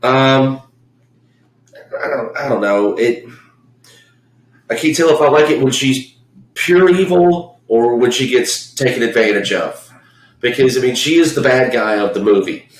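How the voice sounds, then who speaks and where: A man's voice: medium pitch, measured pace, long pauses, roomy sound, low-quality recording. A man from Memphis, co-hosting a podcast and ranting about a film in blunt, profane, rambling talk. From Memphis, US South. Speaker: podcast co-host. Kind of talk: casual profane film chat.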